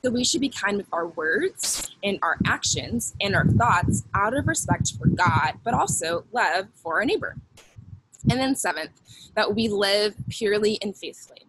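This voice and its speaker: A woman's voice: mid-range voice, expressive, moderate pace, a bit bright, a little hiss or hum, low-quality recording. A young woman teaching children a Bible lesson in an upbeat way, leading call-and-response with them.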